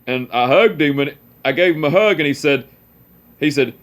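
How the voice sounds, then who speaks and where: A man's voice: on the high side, animated, normal speed, a bit bright. A young man tells family stories in a casual, profane way, often laughing at them. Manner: laid-back, profane, laughing at his own stories.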